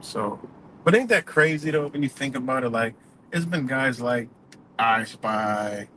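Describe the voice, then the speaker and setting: A man's voice: medium pitch, lively intonation, measured pace, bright, forceful tone. A man live streaming while driving, telling a story in a rambling, profane way and laughing often. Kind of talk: casual storytelling. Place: in a moving vehicle on a highway. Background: faint road and vehicle noise.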